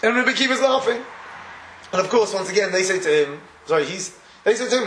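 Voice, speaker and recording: Guy giving a torah class, kinda high voice, laughs a lot as he tells stories, echoey room. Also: quick pace, a little hiss or hum. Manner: animated storytelling, laughs often. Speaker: rabbi teaching Torah.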